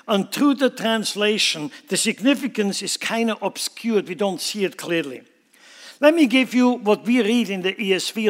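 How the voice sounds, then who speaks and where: A man's voice: sits high, a bit bright. A man preaching a sermon, emphatically explaining scripture line by line. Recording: long hall reverb.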